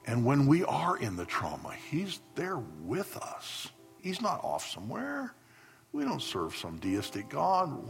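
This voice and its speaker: A man preaching a sermon and leading a prayer, swinging from soft, near-whispered pleading to loud, high peaks. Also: creaky. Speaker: pastor.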